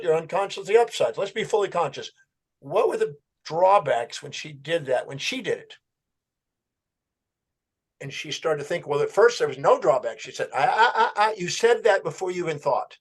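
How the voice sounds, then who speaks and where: A man telling a story as a podcast guest, acting out a client's words and his own questions. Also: fairly high pitch. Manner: animated storyteller, quoting a client's answers.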